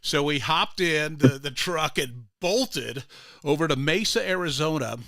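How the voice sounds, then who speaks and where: A man's voice: a little high, lively intonation, a little slow, gravelly, fairly bright tone, no echo, clean studio sound. An older man hosting a morning radio show, telling a rambling story full of restarts and fillers. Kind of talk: casual radio chat.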